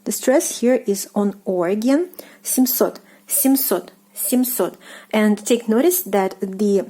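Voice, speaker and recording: A woman with a Russian accent, a native Russian speaker, teaching casually with many fillers and slow repetitions. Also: medium pitch, lively intonation, warm tone. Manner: hesitant, many fillers, repeats words slowly. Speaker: language teacher.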